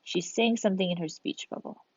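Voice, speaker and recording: A woman's voice: medium pitch, brisk, a little mellow, slightly rough, no room sound, highs cut off. A woman teacher recording a video lesson for children, talking her students through each step with encouragement.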